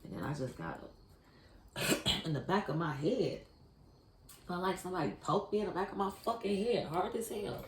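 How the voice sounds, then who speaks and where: A woman with a deep, low voice gives a casual tarot reading and talks bluntly and profanely straight to whoever is listening. She sounds like she is in a bare, echoey room, and a faint hiss sits under her voice. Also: lively intonation, moderate pace, pauses often. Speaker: tarot card reader. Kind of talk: casual spiritual card reading.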